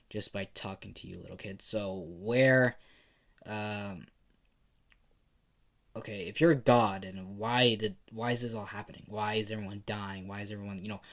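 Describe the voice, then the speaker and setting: A man doing a weary muttering soldier. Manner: low, muttered, often whispered. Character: grim, tired soldier man, blunt.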